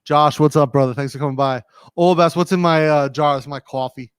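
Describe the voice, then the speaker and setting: A man with a New England accent chats easily as a livestream host, his voice sitting a little high. The sound is close and dry, recorded in a studio with no room echo. He rambles along in a laid-back, agreeable manner. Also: fairly even intonation, fairly quick, clean tone. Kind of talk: casual livestream chat.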